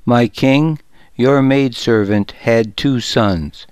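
A man voicing a grieving widow who pleads before a king, in a slow audiobook reading. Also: mid-range voice, a little mellow, smooth, dry recording, natural voice. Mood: pleading. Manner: pleading, deferential. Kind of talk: audiobook narration.

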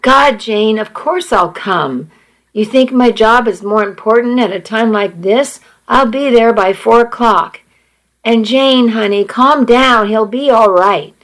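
A woman reading the lines of a worried husband and father who tries to sound calm. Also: a little high, unhurried. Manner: anxious but trying to comfort.

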